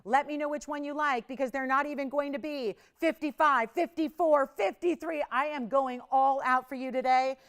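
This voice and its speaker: A woman hosting a live TV shopping show, pitching with urgent countdowns and chatty, confiding asides from a studio. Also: steady tone, normal speed, hardly any pauses. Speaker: shopping channel host.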